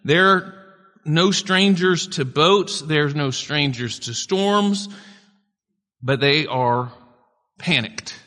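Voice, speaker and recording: A man's voice: a little high, drawn-out words, long pauses, bright, forceful tone. A male pastor preaching a sermon in a conversational style, with casual asides to the congregation. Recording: long hall reverb.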